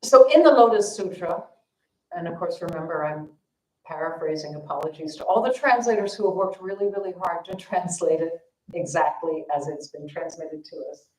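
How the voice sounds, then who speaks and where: A woman's voice: lowish voice, normal speed. Woman telling a story in an echoey hall. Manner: casual, self-deprecating, with fillers. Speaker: dharma teacher. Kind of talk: storytelling dharma talk. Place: temple hall.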